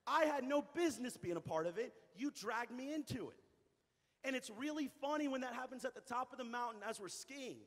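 A young adult man, a youth pastor, telling a story in a sermon, animated and repeating phrases for emphasis. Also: extremely high pitch. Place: church hall. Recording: reverberant church hall.

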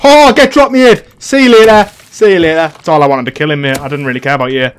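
A young man commentating his own gameplay in casual chat, excitable and swearing a lot, shouting taunts at other players. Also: a little high, fast talker, slight background noise. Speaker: gaming channel host.

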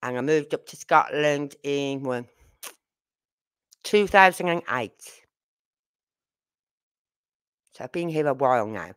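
This livestream host is a middle-aged Birmingham woman whose rumbling low voice moves slowly, with frequent pauses and a clean tone. She rambles casually to her live audience in a Birmingham accent, full of fillers and asides.

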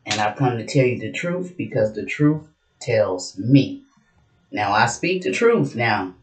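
A woman's voice: very deep voice, animated, a little slow, a little hiss or hum. Brash woman tarot reader, roomy sound. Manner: brash, profane and mocking. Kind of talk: casual tarot reading. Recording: roomy echo.

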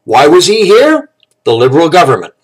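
A man's voice: on the high side, wildly swooping pitch, fairly quick. A man in an angry monologue to camera, ranting with outrage and strong profanity. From Canada. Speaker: political commentator.

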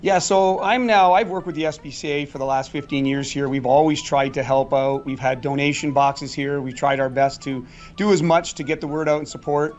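A man's voice: a little high, steady tone, a little fast, few pauses, muffled recording, faint music behind. A middle-aged man answering interview questions in a chatty, storytelling way, with fillers and restarts. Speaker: guest magician.

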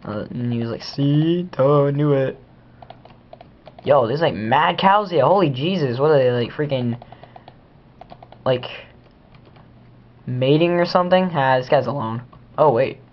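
A man's voice: mid-range voice, lively intonation, moderate pace, long pauses. Goofy teen boy rambling over gameplay. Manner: goofy, rambling, talks to himself. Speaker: gamer. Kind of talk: casual gameplay commentary. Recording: dull lo-fi home recording.

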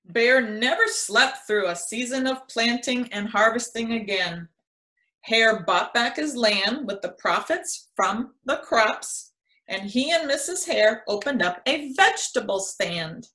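A woman reads a children's picture book aloud, taking her time with each phrase. Her voice sits a little high and comes across bright and clear. The delivery is expressive, as a storyteller's should be. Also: measured pace. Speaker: extension educator reading a picture book.

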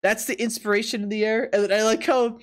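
A man's voice: high-pitched, level tone, fairly quick. A man streaming live from his apartment, chatting casually with viewers, laughing often and reacting in disbelief while teasing his chat.

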